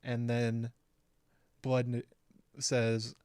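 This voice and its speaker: A man's voice: medium pitch, steady tone, measured pace, dry recording, clean studio sound. A man hosting his own channel, casually breaking down an episode with frequent "um" fillers. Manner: conversational, frequent "um" fillers, recapping plot step by step. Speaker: YouTube show host.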